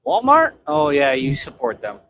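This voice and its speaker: A man's voice: fairly high pitch, huge pitch swings, normal speed, fairly bright tone, a little hiss or hum. A man driving a truck and chatting casually on a livestream, profane, laughing and telling stories. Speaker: truck driver.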